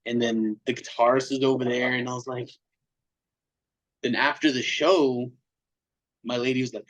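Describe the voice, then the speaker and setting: Poor audio captures a medium-pitched man talking at normal speed with long pauses. He's a metal band vocalist on a podcast, casually telling an animated, slangy story and voicing other people's lines himself.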